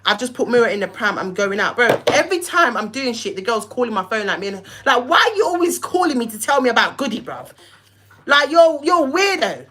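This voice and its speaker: A woman's voice: on the high side, very animated, a little fast, fairly bright tone, breathy edge. A young woman, hosting a livestream and heatedly telling a story, cussing and acting out both sides of phone calls. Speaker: live-stream host.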